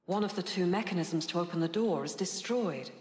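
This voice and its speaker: An actress playing a composed adult British explorer in a video game, speaking in a calm, measured, precise way. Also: female voice, on the low side, a little hiss or hum, close to an everyday voice. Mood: calm, analytical. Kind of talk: game character dialogue. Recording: roomy echo with long reverb.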